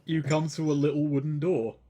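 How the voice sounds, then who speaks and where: A man's voice: fairly high pitch, little pitch movement, fairly quick, dark tone. Rambling man game master. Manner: loose, rambling narration with fillers. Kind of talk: narrating a tabletop game.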